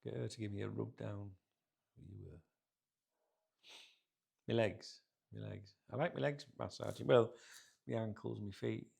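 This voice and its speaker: A man's voice: fairly low pitch, fairly even intonation, unhurried, creaky, pauses often, a little mellow, husky. A middle-aged man, hosting a football channel and grumbling to camera in a rambling, sweary, casual rant. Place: sat in a chair indoors.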